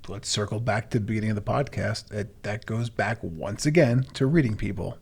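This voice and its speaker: A man's voice: on the low side, fairly quick, creaky, husky. A man hosting a podcast interview, mostly giving short responses as he listens. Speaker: podcast host. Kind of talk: casual interview.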